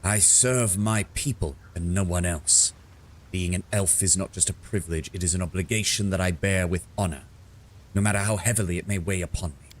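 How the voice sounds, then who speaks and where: A cold, deceitful male dark elf assassin who speaks in a slow, measured, contemptuous way, as a deep-voiced man reads his lines. The voice is very low and unhurried. A sinister villain from a fantasy video game. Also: husky. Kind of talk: reading game dialogue aloud.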